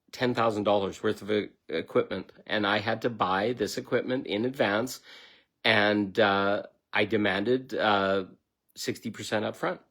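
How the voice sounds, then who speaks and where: A man's voice: on the low side, a bit bright. A middle-aged man giving a blunt, emphatic self-help talk, swearing freely as he tells a personal story. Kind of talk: motivational self-help monologue.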